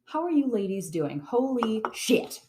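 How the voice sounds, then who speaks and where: A woman hosting a casual podcast with friends at a table, excitable and rambling, giggling often. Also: on the high side, unhurried, slight background noise. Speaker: podcast host. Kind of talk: casual chat. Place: room shared with friends at a table. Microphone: table mic.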